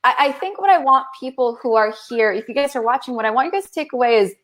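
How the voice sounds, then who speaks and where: A woman's voice: high-pitched, lively intonation, fast talker, fairly bright tone. A woman hosting a casual interview, encouraging the guest and speaking directly to viewers. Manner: encouraging, greets live viewers. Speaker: host.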